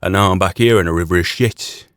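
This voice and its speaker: A man talking in character, gruff and blunt with a lot of swearing. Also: low-pitched, fast, a bit bright, no echo. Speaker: roleplayer speaking in character. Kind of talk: in-character roleplay chat.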